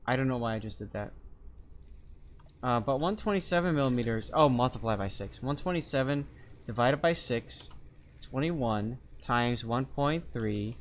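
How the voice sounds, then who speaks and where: A male streamer speaks at an ordinary, middle pitch, easygoing and talkative as he answers chat and explains game mechanics. He thinks aloud through calculations, correcting himself as he goes. A soft layer of background noise sits under his voice. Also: animated, normal speed. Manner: chatty, explains step by step, reads chat aloud. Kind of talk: live-stream game commentary.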